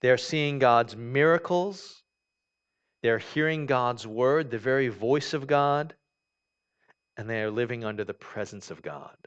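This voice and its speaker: A man's voice: medium pitch, measured pace, clean tone. A man preaching a sermon in a conversational way, reading scripture aloud and explaining it with many fillers and restarts. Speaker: pastor. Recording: dull lo-fi recording.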